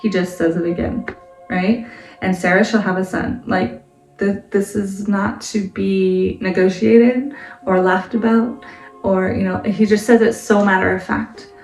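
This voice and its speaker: A woman with a medium-pitched, slightly mellow voice speaks steadily and unhurriedly while hosting a laid-back Bible study vlog. She laughs often as she explains, filling her speech with "like" and "right?". The mic is distant, the room echoes, and faint music is audible.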